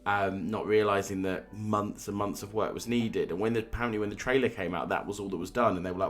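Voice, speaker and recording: A man's voice: fairly low pitch, fairly even intonation, fast talker, hardly any pauses. A man co-hosting a casual film podcast, talking in opinionated bursts with frequent restarts. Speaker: podcast co-host. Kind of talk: casual film review chat.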